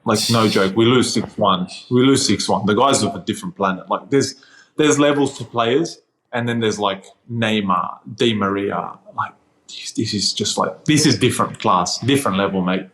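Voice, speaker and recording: A man in his twenties from Australia, a guest on a podcast, telling stories casually and acting out his own quotes with lively shifts of voice, heard over a remote call. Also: fairly low pitch, normal speed, poor audio. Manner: animated storyteller, acts out his own quotes. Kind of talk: casual storytelling interview.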